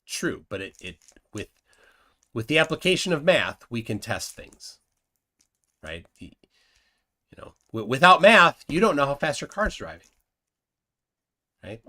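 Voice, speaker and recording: A man hosting a casual live stream, his pitch rising and falling. He reads viewer comments aloud and keeps questioning his guest. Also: sing-song, unhurried, pauses often, bright, forceful tone. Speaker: host.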